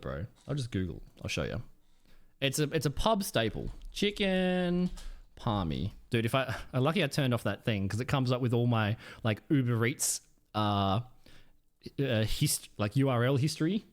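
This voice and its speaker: A man's voice: medium pitch, big pitch swings, moderate pace. A man with a South Australian accent chatting casually with his stream chat, playful and smug, swearing offhand.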